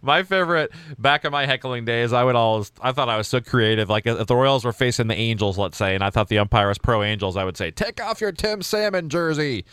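Upbeat male host with a smooth, dry voice. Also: mid-range voice, quick pace, hardly any pauses, a bit bright, no echo. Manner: upbeat, chatty questioner. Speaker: podcast host. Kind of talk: casual interview chat.

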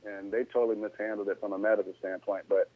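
A man's voice: fairly low pitch, fast, no echo. A man, a former pro ballplayer, telling a story in a laid-back, slangy way as an interview guest, rising to disbelief at times. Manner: laid-back, slangy, animated when incredulous. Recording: tinny phone-like sound.

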